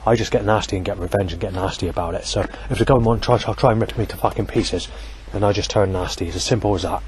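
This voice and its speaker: Furious profane man, low voice, rambling street rant into a handheld recorder, faint night ambience behind. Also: fast, a little mellow, slight background noise. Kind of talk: angry rambling monologue. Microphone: handheld digital audio recorder.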